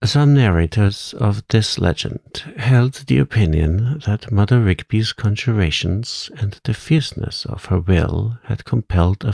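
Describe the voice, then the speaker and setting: Calm deep-voiced male bedtime reader. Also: gravelly, dry recording. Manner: calm, soothing, measured. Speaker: storyteller. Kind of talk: soft-spoken bedtime audiobook reading.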